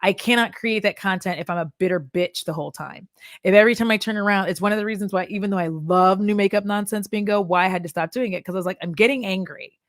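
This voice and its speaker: A woman in her thirties talks straight to camera in a relaxed chat vlog, blunt and animated, swearing freely and laughing often. Her pitch sits in the middle for a woman. The sound is close and dry, with no room echo. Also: quick pace. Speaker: beauty content creator turned chat vlogger. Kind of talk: casual chat vlog while doing makeup.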